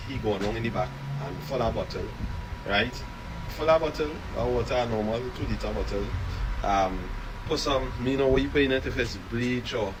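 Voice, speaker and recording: Young trini funeral home guy telling a story, lowish voice, chatty, noisy clip. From Trinidad and Tobago. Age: young adult. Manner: loose, chatty, acts out the people in his tale. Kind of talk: casual storytelling. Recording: noisy clip with background noise.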